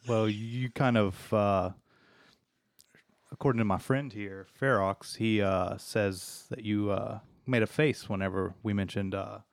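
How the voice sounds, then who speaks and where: Gravelly low-voiced man playing a game. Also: steady tone, dry recording. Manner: hesitant, halting. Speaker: player. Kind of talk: tabletop role-play.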